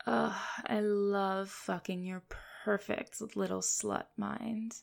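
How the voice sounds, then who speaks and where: A woman speaking in a commanding, teasing way for an erotic hypnosis role-play, breaking into soft low laughs. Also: flat delivery, slow pace, gravelly, hardly any pauses. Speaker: dominant hypnotist persona.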